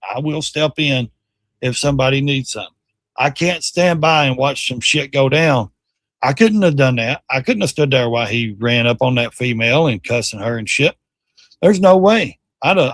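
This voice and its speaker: A middle-aged man hosting a casual livestream, reacting to videos with loud, blunt, slangy commentary. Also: medium pitch, no room sound, studio quality. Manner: loud, blunt, slangy, mocks and quotes the clips.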